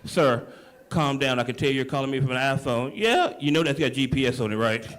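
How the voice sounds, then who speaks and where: A comedian voicing a calm, condescending male 911 operator in a low voice during a stand-up set. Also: a little fast, a little hiss or hum, natural voice. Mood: deadpan.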